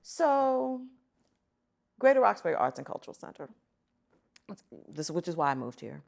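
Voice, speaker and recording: A middle-aged woman, a guest on an interview show, telling stories in an animated, emphatic way. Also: fairly low pitch, moderate pace, gravelly. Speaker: guest, arts center chief executive. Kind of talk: conversational storytelling.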